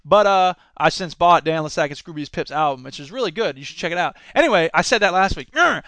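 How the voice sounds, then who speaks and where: A sarcastic man hosts his own podcast, reading news stories aloud and breaking off into jokey rants. His voice sits high and sounds bright and forward. The recording is dry and close to the mic. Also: animated, fast, no echo. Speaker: podcast host. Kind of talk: casual solo commentary reading news.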